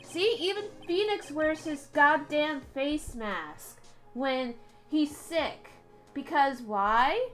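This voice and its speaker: A woman streamer with a cold, chatty and joking as she plays. She talks high and slow, and faint music runs underneath. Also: expressive. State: has a cold. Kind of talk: casual game commentary.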